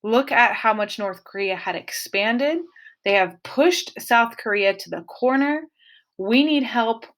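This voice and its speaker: A woman's voice: medium pitch, fairly bright tone. A woman teaching a casual history lesson, talking to her students directly and adding playful, dramatic asides. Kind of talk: casual classroom lecture.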